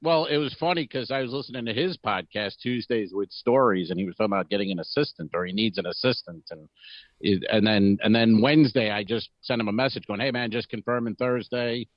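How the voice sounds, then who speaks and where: A man co-hosting a comedy podcast, chatting casually in a rambling way with quick asides. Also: fairly low pitch, no echo, lo-fi sound. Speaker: podcast co-host.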